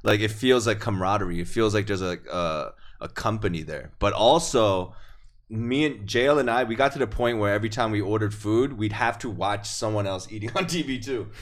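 A man hosting a podcast in casual chat, slangy and excitable, often saying bro. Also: lowish voice, brisk. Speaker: podcast host.

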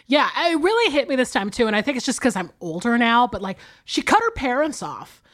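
A woman in her thirties co-hosting a casual movie podcast, animated and profane, laughing often. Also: fairly high pitch, brisk. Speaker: podcast co-host.

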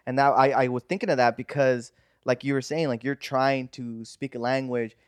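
A man co-hosting a podcast, chatting casually and quickly, tossing out questions to the others. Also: mid-range voice, steady tone, clean tone, no room sound. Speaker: podcast co-host. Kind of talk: casual chat.

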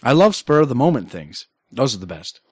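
A man's voice: medium pitch, big pitch swings, brisk, slightly rough. Chatty man. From Minnesota. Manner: chatty storyteller, jokey. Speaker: podcast guest. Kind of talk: casual chat.

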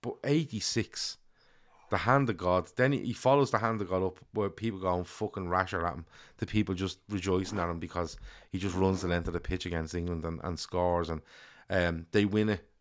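A man's voice: sits low, steady tone, a little fast. A man co-hosting a casual football podcast, chatting loosely, swearing and reading out listener comments. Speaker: podcast co-host. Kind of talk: casual chat.

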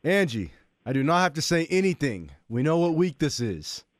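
A man's voice: on the high side, sing-song, normal speed, no room sound, clean studio sound. A man co-hosting a casual sports podcast, a former college football player who tells stories with energy and acts out his own quotes.

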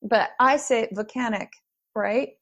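A middle-aged woman being interviewed as an author, chatting in a lively, storytelling way and laughing often. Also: on the high side, moderate pace. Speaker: guest author. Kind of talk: casual interview chat.

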